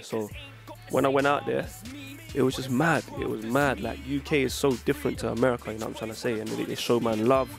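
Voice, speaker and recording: Over music, a young English rapper chats casually in an interview, his medium-pitched voice steady, fast and gravelly. His talk is packed with street slang and "you know what I'm saying."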